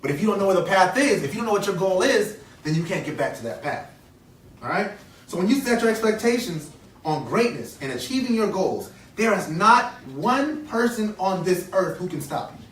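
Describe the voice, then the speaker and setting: A man in his thirties gives a motivational speech to young listeners, speaking earnestly and repeating his key lines for emphasis. His voice sits fairly high and rings bright and forceful. It is picked up from a distance in an echoey hall with faint ambience behind. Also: slight background noise. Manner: earnest, repeats key phrases, call-and-response questions. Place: conference hall.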